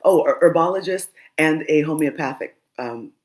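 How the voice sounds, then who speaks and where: Low-pitched woman, animated storyteller, guest role. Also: moderate pace. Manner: lively storyteller who acts out the dialogue and laughs. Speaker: doula and guest. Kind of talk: casual storytelling interview.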